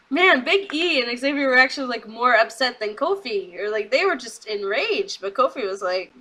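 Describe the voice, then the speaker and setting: Young female reviewer, casual recap, high-pitched and bright, excitable, acts out quotes. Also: low-quality recording. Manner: chatty and excitable, quoting people in quick asides. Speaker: wrestling show reviewer.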